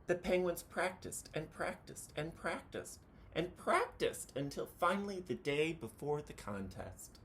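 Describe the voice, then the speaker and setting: A man reading a children's picture book aloud, chanting the counting cheers with animated delivery. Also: a little high, unhurried, slight background noise.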